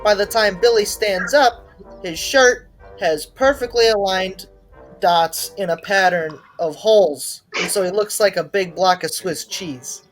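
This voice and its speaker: A woman telling an improvised comic story over a video call, lively and quick. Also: medium pitch, faint music behind, poor audio.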